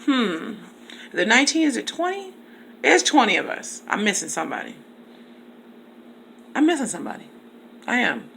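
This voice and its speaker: A woman teacher talks straight to her subscribers in a relaxed vlog. She is chatty, laughs easily between thoughts, and calls out her viewers by name as she goes. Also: a little high, moderate pace, vocal fry, pauses often, slight background noise. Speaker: teacher and YouTube vlogger. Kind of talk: casual vlog chat to subscribers.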